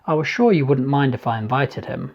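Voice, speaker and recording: A man voicing a jovial Ukrainian embassy man with a thick Ukrainian accent, speaking heartily and loudly in an audiobook reading. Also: medium pitch, lively intonation, brisk, muffled recording.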